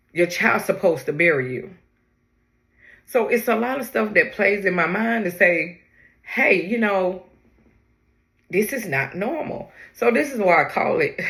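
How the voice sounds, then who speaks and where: A woman speaks slowly and haltingly in her own podcast, grieving and reflective, stopping and restarting her thoughts. Her voice is bright and a little tense. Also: on the low side. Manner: halting, heartfelt, reflective, many pauses and restarts. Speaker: podcast host. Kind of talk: personal podcast monologue.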